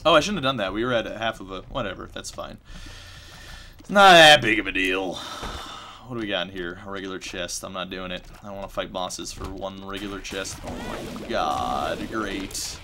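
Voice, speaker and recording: A man streaming a video game and commenting casually, excitable and quick to swear. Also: low voice, slight background noise.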